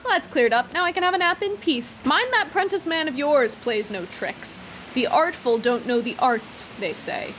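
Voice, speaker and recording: A woman's voice: high voice, animated, moderate pace, a bit bright, a little hiss or hum, voice pushed up. A woman reading as a smug, vain old cook. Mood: smug gloating. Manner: sneering, chuckling, self-satisfied. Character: vain, lazy old male cook, mocking. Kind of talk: reading a story aloud.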